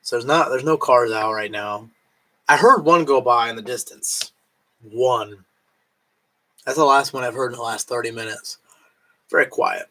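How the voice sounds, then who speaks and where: Man, drunk, rambling live-stream chat, bright voice, swears, talks with his mouth full. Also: medium pitch, poor audio. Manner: rambling, swearing, chewing while talking. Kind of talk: casual late-night live stream chat.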